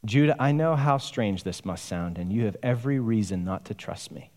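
A man's voice: lowish voice, expressive, moderate pace, big-room sound. A preacher voicing a humble, repentant man. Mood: earnest. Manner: earnest, gentle, confessional. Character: humble repentant man, former tax cheat.

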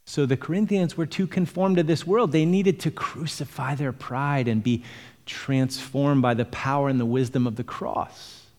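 A man's voice: mid-range voice, moderate pace, darkish tone, long reverb tail. A male pastor preaching an earnest expository sermon, explaining scripture verse by verse to his congregation.

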